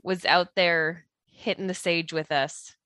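A woman hosts a casual podcast and introduces her guests, chuckling now and then. Her voice is bright and bold. The sound is dry and close. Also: fairly low pitch, fairly even intonation, unhurried, no echo. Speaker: podcast host. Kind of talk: casual chat.

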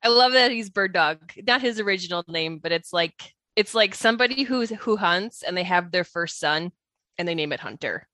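A woman hosts a casual podcast and introduces her guests, chuckling now and then. Her voice is bright and bold. The sound is dry and close. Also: lowish voice, animated, moderate pace, dry recording. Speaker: podcast host. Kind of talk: casual chat.

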